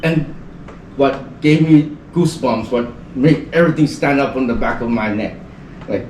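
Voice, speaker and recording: A man from the Northern Mariana Islands, appearing as a podcast guest, spins a rambling story in easygoing chat, relying heavily on "like" as a filler. His medium-pitched, darkish voice moves at normal speed, and the distant mic captures a roomy sound with a little background noise.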